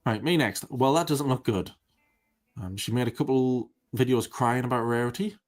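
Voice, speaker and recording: A man calmly recounting past events and reading out messages, wry and plain-spoken. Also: mid-range voice, moderate pace. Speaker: interviewee in clip.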